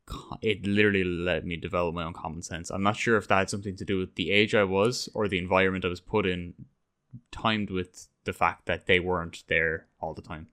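A man's voice: deep voice, fairly even intonation, brisk, a bit bright, smooth. A young man, chatting casually on a podcast, rambling, swearing and acting out quotes. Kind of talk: casual chat.

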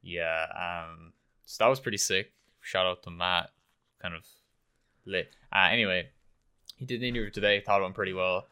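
A young university student in casual chat, relaxed and swearing casually. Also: male voice, sits low, moderate pace, clean tone. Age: young adult.

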